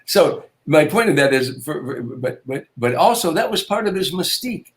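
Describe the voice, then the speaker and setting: An older man, a comedian, telling anecdotes in an interview, with repetitions and quick restarts. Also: on the high side, lively intonation. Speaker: guest comedian. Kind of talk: storytelling interview.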